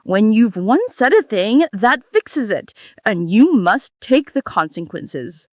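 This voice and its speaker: A woman's voice: mid-range voice, sing-song, slow pace, no echo, clean studio sound. A woman voicing a bossy, self-important queen who lectures in a stiff, instructive way. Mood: lecturing.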